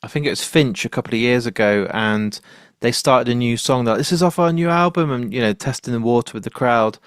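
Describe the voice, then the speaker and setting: A man with a mid-range voice hosts a casual podcast. He chats in an animated way and drops in casual swearing. The recording is dry and close. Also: mid-range voice, a little fast, clean tone, dry recording. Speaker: podcast host. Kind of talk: casual conversational interview.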